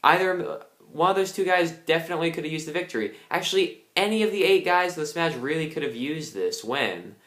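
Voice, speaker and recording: A man's voice: a little high, a little fast, few pauses, fairly bright tone. Angry young man ranting in a roomy echo. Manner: angry, ranting, swears a lot. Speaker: wrestling reviewer. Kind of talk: casual ranting review.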